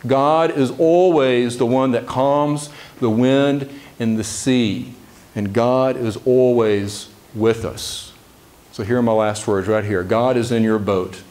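A man's voice: medium pitch, fairly even intonation, takes it slowly, a little mellow. A man giving a casual, conversational sermon in a church service, often checking in with the congregation. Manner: conversational, chatty asides, frequent "right?" to the congregation. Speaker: preacher.

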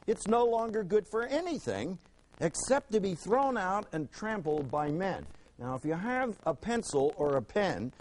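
A man teaching scripture to a classroom, his voice pitched high for a man and swinging widely up and down. He hammers key words through repetition and keeps tossing questions to his students. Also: a little mellow, slight background noise, poor audio. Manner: emphatic, rhetorical questions, repeats words for stress. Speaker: Bible teacher. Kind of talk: classroom Bible lesson.

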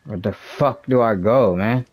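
A man with a deep, low voice gives casual gameplay commentary. He talks slowly and mutters frustrated complaints, full of swearing, as he plays. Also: muffled recording. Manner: frustrated, heavily profane muttering. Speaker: gaming streamer.

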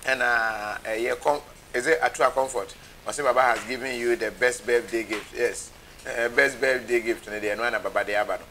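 A man's voice: medium pitch, steady tone, moderate pace, sharp tone, a little hiss or hum, rough recording. A man hosting a live show, casually reading viewer comments aloud.

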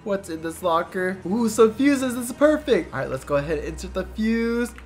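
A woman hosting a game video, narrating her play with excited, dramatic exclamations. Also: medium pitch, normal speed. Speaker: game video host and player.

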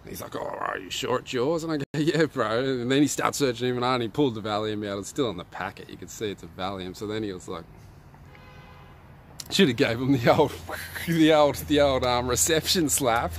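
A young Australian man telling a story to his viewers in a relaxed, slangy way. He laughs often, and his voice jumps up when he gets excited. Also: medium pitch, normal speed, slight background noise. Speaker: vlogger. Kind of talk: casual storytelling to live viewers.

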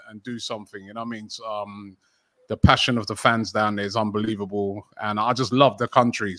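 Brief: middle-aged London man, talkative interview guest, mid pitch, dry close mic. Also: fairly bright tone, no echo. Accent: London English. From England. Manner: chatty, frequent fillers and restarts. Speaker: football channel host, interview guest. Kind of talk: casual interview conversation.

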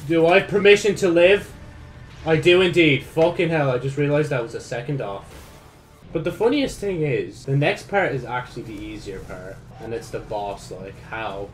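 A young man giving sweary gameplay commentary, dropping from low mutters to frustrated yells. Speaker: gaming YouTuber.

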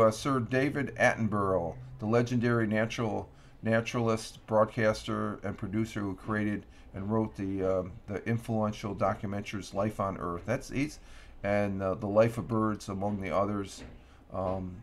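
A man with a low, gravelly voice hosts a relaxed morning stream from home. He rambles through trivia and his own asides, often restarting his sentences. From Upstate New York. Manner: rambling, many restarts and fillers. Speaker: livestream host. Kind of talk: casual morning chat. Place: home room.

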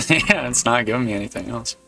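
A man giving relaxed let's play commentary, swearing casually as he plays. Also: medium pitch, brisk, gravelly, over music. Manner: laid-back, swears casually. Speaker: gamer.

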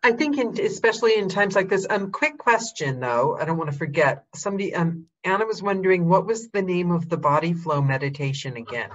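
A woman hosting a casual interview, chatty and enthusiastic, filling pauses with um. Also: on the low side, expressive, dull audio. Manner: chatty, enthusiastic, quick to laugh, fills with um. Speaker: host.

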